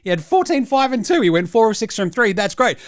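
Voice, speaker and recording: An Australian man hosting comedic sports highlights, with cheeky, mocking banter. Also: sing-song, fast talker. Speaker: host.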